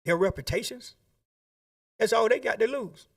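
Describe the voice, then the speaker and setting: A man's voice: very high-pitched, normal speed, creaky, fairly bright tone, distant mic. A man making an impassioned public statement, asking pleading rhetorical questions.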